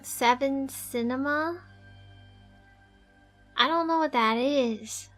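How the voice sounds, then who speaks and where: High-voiced giggly woman streamer. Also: takes it slowly, fairly bright tone, faint music behind. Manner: chatty, giggly, thinks aloud while drawing. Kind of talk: casual livestream chat with viewers.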